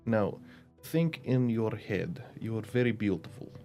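A man playing in a tabletop game, deliberate and amused. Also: on the low side, expressive, mellow, faint music behind. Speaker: player.

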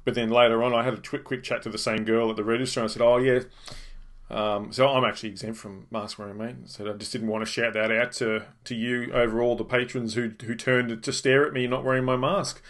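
An Australian man hosts a casual podcast, swearing freely and laughing through his stories. His voice sits at a middle pitch and he tells anecdotes with animated energy. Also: fast talker, few pauses. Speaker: podcast host.

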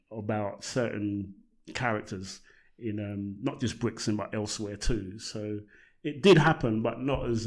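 An older man, a podcast guest telling rambling, relaxed stories and laughing along the way. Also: mid-range voice. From South London. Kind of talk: casual conversational storytelling.

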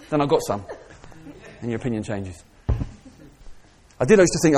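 A middle-aged man preaching a sermon, moving between soft reflective asides and raised, passionate calls. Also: medium pitch, wildly swooping pitch, a little slow, long pauses, a little hiss or hum.

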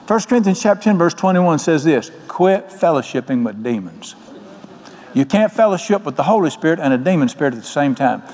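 A man's voice: on the high side, animated, fast, hardly any pauses, a little mellow. An older man preaching a sermon as pastor, folksy and joking. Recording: long hall reverb.

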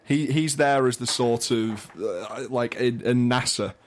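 A man from England co-hosting a casual podcast chat, telling animated stories with frequent restarts. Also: medium pitch, measured pace, slight background noise. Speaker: podcast co-host.

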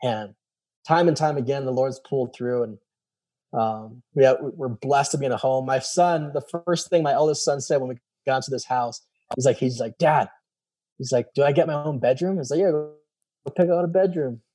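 A man tells a personal story in a relaxed, dark-toned voice at a mid pitch. He slips into quoted dialogue, often acting out the other speakers, and fills the gaps with "like" and "I was like.". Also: a little fast. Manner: animated, acts out quoted dialogue; many fillers and repeated "I was like". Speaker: guest telling his story. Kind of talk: casual storytelling.

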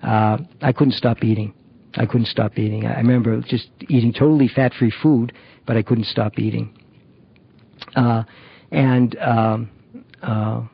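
A middle-aged man in a recovery program gives his personal testimony haltingly, often pausing on fillers and restarting sentences. His gravelly, husky voice is fairly low, captured in a dry, dull, muffled lo-fi recording.

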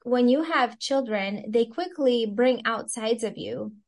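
A woman's voice: fairly high pitch, measured pace. A woman who works as a Christian stress coach, talking casually as a podcast guest, full of "like" fillers and thinking aloud. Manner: chatty, many "like" fillers, reflective. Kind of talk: casual interview chat.

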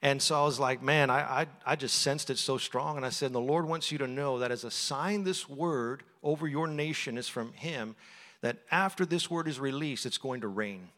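Animated male preacher in an echoing church. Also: mid-range voice, normal speed. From Texas. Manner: conversational storytelling, animated, laughs often. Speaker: guest preacher. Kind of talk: sermon. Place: church sanctuary. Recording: long hall reverb.

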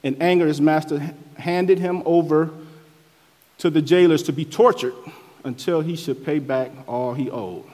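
A man's voice: unhurried, a little mellow. A man preaching a sermon as pastor, swelling and dropping his voice as he reads scripture and explains it. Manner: rises and falls in pitch and force, preaching cadence. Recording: long hall reverb.

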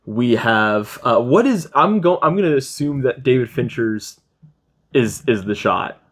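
Casting: young male podcast host, lively storyteller, laughs and swears, mid pitch. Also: a little slow. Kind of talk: casual chat.

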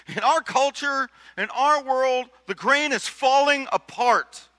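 A man's voice: extremely high pitch, takes it slowly, pushed and bright. A male pastor preaching a sermon in a conversational way, asking rhetorical questions and often repeating his words. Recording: long hall reverb.

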